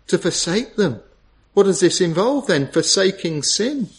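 Brief: male preacher, slightly high voice, earnest and pleading, full of rhetorical questions. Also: sing-song, unhurried. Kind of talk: sermon.

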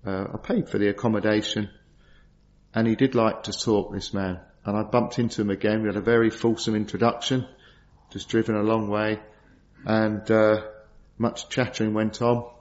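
A man's voice: lowish voice, little pitch movement, normal speed. A middle-aged man preaching a sermon, earnest and storytelling, asking rhetorical questions. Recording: dull lo-fi sound.

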